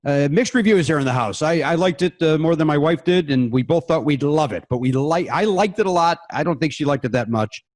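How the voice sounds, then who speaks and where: A man on a comedy podcast talking haltingly, full of pauses and restarts. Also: on the high side, animated. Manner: hesitant, full of uh's and restarts. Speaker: podcast guest. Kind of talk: casual comedy podcast chat.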